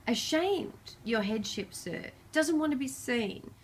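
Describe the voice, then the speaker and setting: A woman's voice: sits high, expressive, slow, slight background noise, pitched above the performer's own voice. A woman reading as a sly gleeful poltergeist. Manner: oily, mock-sympathetic reading of a story character. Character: gleeful sly male poltergeist, fake-sorry. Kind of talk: reading a story aloud.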